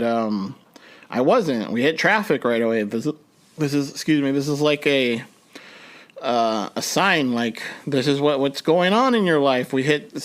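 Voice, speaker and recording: A young man hosting a podcast, telling a personal story in a rambling way with many restarts, his voice jumping up when he acts out his panic. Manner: rambling, frequent restarts, voice jumps high when reenacting panic. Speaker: podcast host.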